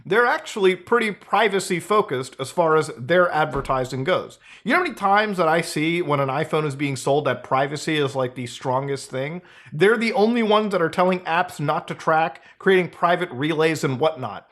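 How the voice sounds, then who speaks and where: Hosting a casual commentary video at normal speed, a man speaks with lively intonation and a somewhat bright sound. He's blunt, sarcastic and swears freely, jumping up in pitch for emphasis.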